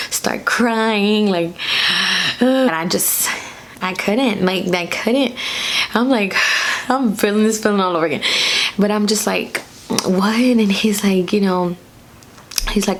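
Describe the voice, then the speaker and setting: A woman from Dallas telling a storytime vlog in a chatty, animated way, full of "like" fillers. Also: medium pitch. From Dallas, Texas. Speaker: nail artist and vlogger.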